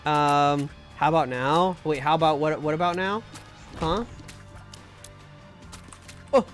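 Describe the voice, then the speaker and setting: A man's voice: on the high side, slow, faint music behind. A man streaming live, chatting casually and rambling with jokes while playing a game. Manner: rambling and joking, with restarts and mock pleas. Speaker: streamer and VTuber. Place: home room.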